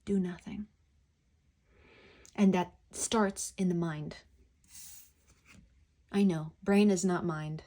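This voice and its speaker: A woman giving a pick-a-card tarot reading, talking in a gentle, effusive, spiritual way. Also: on the low side, steady tone, slow pace, pauses often.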